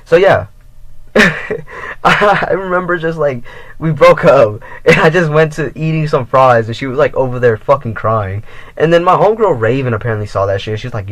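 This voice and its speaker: A man's voice: mid-range voice, fairly quick, no room sound, rough recording. A teenage boy telling a rambling storytime in casual, profane slang. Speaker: vlogger.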